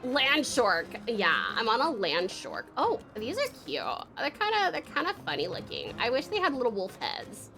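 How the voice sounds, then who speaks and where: Australian woman, young, game streamer, bubbly, high lively voice. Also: normal speed, soft background music. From Tasmania, Australia. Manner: bubbly, giggly, swears freely. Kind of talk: casual game stream chat.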